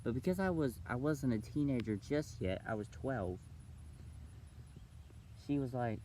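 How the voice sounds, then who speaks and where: A young man vlogging, telling a story casually and acting out the other people's voices with big jumps in pitch. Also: expressive, normal speed, a little mellow, slight background noise, low-quality recording. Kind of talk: storytelling vlog.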